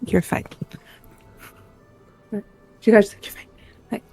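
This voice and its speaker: Gravelly-voiced woman playing a tabletop game. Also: mid-range voice, normal speed, pauses often, faint music behind. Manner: casual, friendly in character. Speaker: player. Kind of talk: tabletop role-play.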